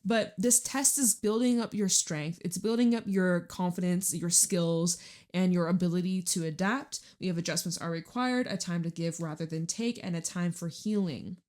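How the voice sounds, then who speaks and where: A woman's voice: lowish voice, moderate pace, a little mellow. A young adult woman giving a casual tarot reading, chatty and candid, swearing now and then. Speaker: tarot reader.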